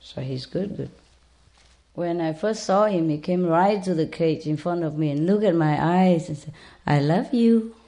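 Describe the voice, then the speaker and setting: A woman's voice: on the low side, moderate pace, dark tone. A woman who rescues birds, talking tenderly and coaxingly to a parrot in simple, broken English while telling viewers about it. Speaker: bird rescuer. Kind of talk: casual talk to a parrot and viewers.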